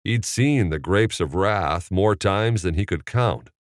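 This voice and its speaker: A man narrating an audiobook chapter in a measured, expressive reading. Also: low voice, no echo, clean studio sound. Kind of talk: scripted narration.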